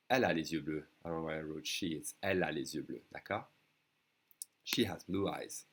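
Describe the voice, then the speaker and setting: Deep-voiced French man teaching slowly. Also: fairly bright tone, breathy edge. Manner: patient, repeats each phrase slowly. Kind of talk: online language lesson.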